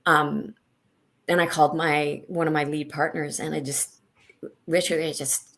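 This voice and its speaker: Low, gravelly-voiced woman sharing a personal story. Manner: halting, many restarts, animated when reliving moments. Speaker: guest, senior leader. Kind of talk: candid personal interview.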